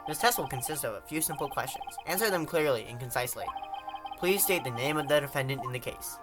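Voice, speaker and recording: A game player voicing a stern, formal older male judge who speaks in a slow, measured way. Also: mid-range voice, lively intonation, over music, close to an everyday voice.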